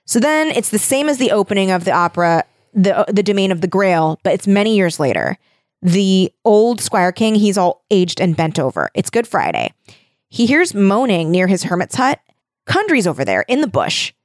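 A young woman casually retelling a story in an animated, slangy way, acting out quotes. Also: medium pitch, moderate pace, no room sound, studio quality. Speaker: storyteller retelling an opera plot. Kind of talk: casual chat.

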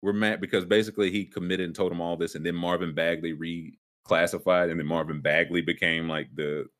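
A man's voice: low voice, little pitch movement, a little fast, a bit bright. A man hosting a casual sports podcast, rambling with fillers and restarts and a sarcastic streak. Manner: sarcastic, wry.

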